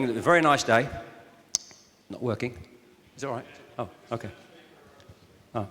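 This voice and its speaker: A man's voice: on the low side, fairly bright tone. An older man with a southern English accent, giving an anecdotal after-dinner speech and teasing the audience. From southern England. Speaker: guest speaker. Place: function hall with live audience. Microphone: handheld or stand microphone. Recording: long echo of a large hall.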